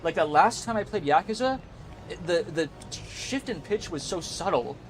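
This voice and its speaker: Excitable rambling male game streamer. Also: sits high, moderate pace, a little hiss or hum. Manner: rambling and excitable, swears freely, laughs often. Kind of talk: casual live-stream chat while gaming.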